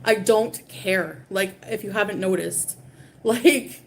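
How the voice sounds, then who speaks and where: A woman's voice: mid-range voice, slow. A woman rants on a casual livestream. She sounds dismissive and profane and rambles from one point to the next. A faint hiss sits under her voice.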